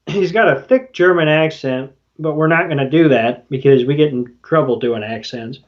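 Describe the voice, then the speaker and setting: A man's voice: on the high side, moderate pace. A man co-hosting a podcast, recapping an episode in wry, rambling casual chat with casual swearing. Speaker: podcast co-host. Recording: dull lo-fi podcast audio.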